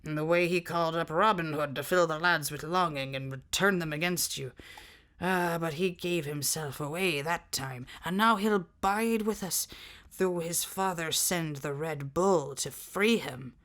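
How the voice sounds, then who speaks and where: A woman puts on a deep, growling giant of an outlaw man for a storybook reading. He speaks in rough rustic turns of speech and carries his heavy, gruff manner through every line. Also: unhurried, a bit bright. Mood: gruff, suspicious.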